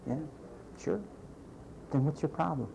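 A man preaching a sermon in a conversational, animated way, acting out the voices of the people he quotes. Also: fairly high pitch, a little slow, gravelly, background noise. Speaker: pastor.

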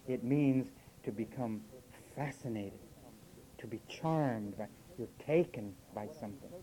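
A man with a mid-range voice preaches emphatically, his delivery rising and dropping with energy. He often mimics what listeners say, quoting them in mock voices, and the recording is rough.

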